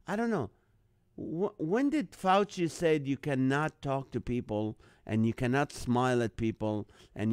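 Hosting a live online show, a Middle Eastern man tells a comic story, animatedly acting out other people's lines in a jumped-up voice. His voice is fairly high, with no echo and studio-quality sound.

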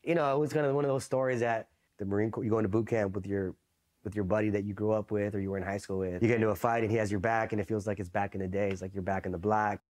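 A man's voice: fairly low pitch, fairly even intonation, rapid-fire, a little mellow. A man from East Los Angeles, a Marine veteran, telling stories in a casual, profane interview, loose and full of "you know" and "right?".

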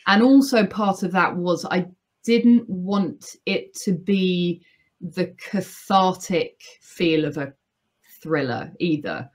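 Animated woman, author chatting. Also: on the low side, slow pace. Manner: animated, laughing often, playful. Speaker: author and audiobook narrator, guest. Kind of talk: casual podcast interview.

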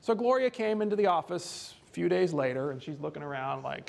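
High-voiced man telling a story. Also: fairly quick, vocal fry. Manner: lively, conversational storyteller. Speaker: home care trainer and speaker. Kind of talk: storytelling presentation.

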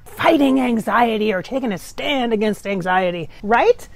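Woman, slightly high voice, rambling, sassy, laughs a lot, casual vlog. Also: expressive, moderate pace. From Minnesota, US. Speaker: psychic vlogger. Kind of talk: casual blooper vlog talk. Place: home, car and outdoors.

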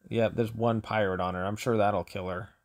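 A man's voice: fairly low pitch, steady tone, moderate pace. A man commentating his own gameplay for his channel, grumbling and exasperated, often sighing. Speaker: gaming channel host.

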